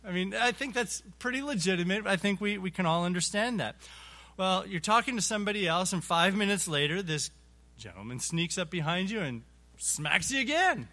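A man teaching an adult Sunday school Bible lesson, halting and repeating words, chuckling as he acts out illustrations. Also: high-pitched, animated, bright, forceful tone.

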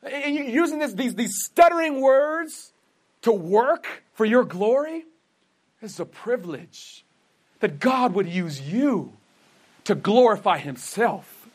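Male pastor preaching, high voice, earnest, rhetorical questions, stumbles and restarts. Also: lively intonation, takes it slowly. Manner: earnest, asks rhetorical questions and answers them himself; says he stutters, with frequent restarts. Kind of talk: sermon.

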